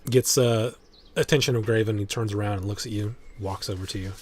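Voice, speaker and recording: A man's voice: on the low side, fairly even intonation, fast. A man running a tabletop game as game master, narrating casually with frequent laughs and loose restarts.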